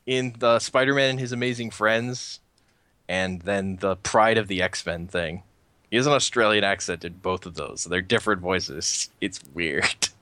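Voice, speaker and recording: A man's voice: lowish voice, measured pace, sharp tone, no room sound. A man co-hosting a podcast, chatting casually and rambling with frequent restarts. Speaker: podcast co-host. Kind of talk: casual chat.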